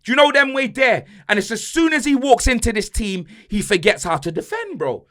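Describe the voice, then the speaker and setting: Furious ranting young man, high voice. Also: sing-song, brisk, bright, forceful tone. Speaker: podcast host. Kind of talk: football rant.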